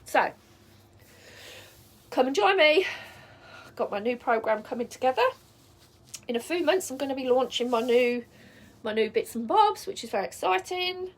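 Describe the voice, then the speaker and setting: A woman's voice: sits high, expressive, moderate pace, long pauses. A middle-aged woman coaching viewers in a casual advice vlog, chatty and reassuring, often checking in with "yeah?". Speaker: spiritual life coach.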